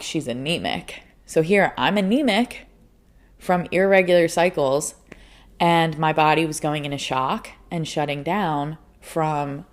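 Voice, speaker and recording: Low-voiced woman telling a story, laughing often. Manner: animated, laughs often, swears freely. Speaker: podcast host. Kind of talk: casual storytelling monologue.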